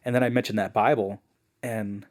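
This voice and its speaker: A man guest on a podcast, telling a personal story in a casual, animated way, full of "like" and "man". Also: on the low side, moderate pace. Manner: animated, acts out the people he quotes; fillers like "man" and "like".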